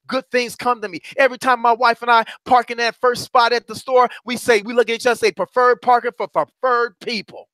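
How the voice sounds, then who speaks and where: A middle-aged man giving a fiery, preacher-style motivational talk as a courage coach. He swings from loud exhortation to hushed asides. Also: very high voice, no room sound.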